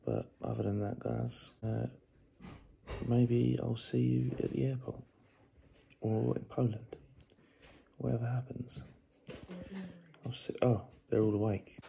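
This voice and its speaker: A man's voice: mid-range voice, level tone, takes it slowly, gravelly, long pauses, dark tone, a little hiss or hum. A young man vlogging casually while tired after no sleep, rambling loosely with fillers and swearing. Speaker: bodybuilder vlogger. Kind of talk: casual vlog chat.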